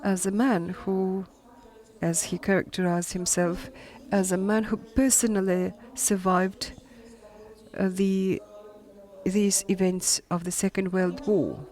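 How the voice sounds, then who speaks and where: A female historian with a German accent gives a lecture from prepared notes, her pitch middling and her tone a little mellow. Her intonation stays fairly even as she proceeds haltingly, often pausing on fillers.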